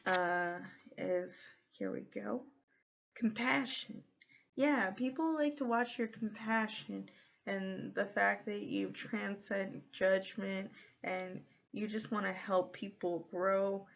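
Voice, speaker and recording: A woman in her thirties talks her way through a casual tarot reading, drifting chattily from idea to idea. Her delivery is unhurried and gravelly with vocal fry. The recording sounds a little dull and lo-fi. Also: medium pitch, fairly even intonation. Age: 30s. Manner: meandering, chatty, free-associating. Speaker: tarot card reader. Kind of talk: casual pick-a-card reading.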